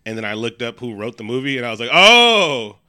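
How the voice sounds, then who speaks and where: A man co-hosting a casual movie review chat, retelling scenes in animated quoted voices. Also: mid-range voice, rapid-fire. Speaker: podcast co-host.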